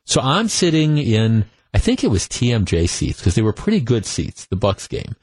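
A man's voice: mid-range voice, wildly swooping pitch, normal speed, a little mellow, slightly rough, no room sound. A man hosting a talk radio show, telling a story in a conversational monologue full of restarts, on a studio microphone.

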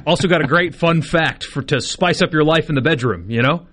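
A man's voice: on the high side, brisk, fairly bright tone. A man co-hosting a sports talk radio show, making joking asides in casual banter. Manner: joking, laid-back asides.

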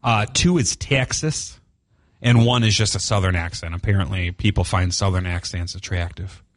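A man's voice: low voice, normal speed, dry recording. A man from Minnesota with a Minnesotan accent co-hosting a morning radio show, joking and chatty as he walks through a study in a studio. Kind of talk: casual on-air banter. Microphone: studio microphone.

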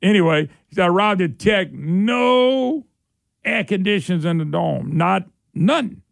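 A folksy man hosts a radio talk show and rambles casually from topic to topic. His voice sits high and swings widely in pitch, with a gravelly rasp. The studio sound is close and dry. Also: lively intonation, unhurried, dry recording. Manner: folksy, rambling, mocking impressions.

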